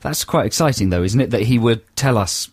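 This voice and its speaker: A man's voice: medium pitch, lively intonation, brisk, no room sound. A man co-hosting a casual radio show, reading listener emails aloud with dry, wry asides in a studio. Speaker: radio co-host.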